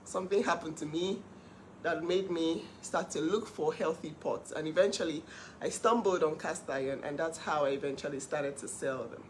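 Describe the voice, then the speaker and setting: Woman, middle-aged, live-stream host, emphatic storyteller, slightly low voice, faint noise behind. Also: normal speed. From Nigeria. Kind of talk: casual live-stream monologue.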